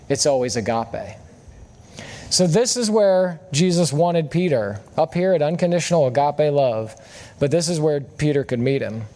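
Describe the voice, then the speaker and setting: A man with a slightly high voice preaches a sermon. He keeps it relaxed and conversational, stopping now and then to ask the congregation a question. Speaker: guest preacher. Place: church service.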